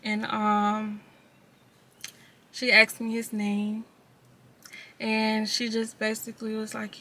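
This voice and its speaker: A woman's voice: fairly high pitch, completely flat delivery, slow pace, pauses often, sharp tone, a little hiss or hum. A woman vlogger speaking candidly and casually, telling viewers about her own life in a personal confessional video. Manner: candid, casual storytelling, addresses viewers directly.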